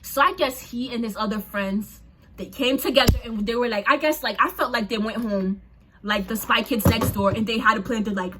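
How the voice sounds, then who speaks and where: A young woman from a Haitian family, chatty and animated, telling a personal story in a casual vlog. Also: on the high side, normal speed, a little hiss or hum. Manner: chatty, animated, lots of "like" and asides to viewers. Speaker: storyteller vlogger.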